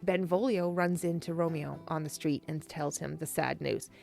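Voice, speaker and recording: A woman casually retelling a classic play in a chatty, animated way, laughing and swearing often. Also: low voice, moderate pace, gravelly, soft background music. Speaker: storyteller.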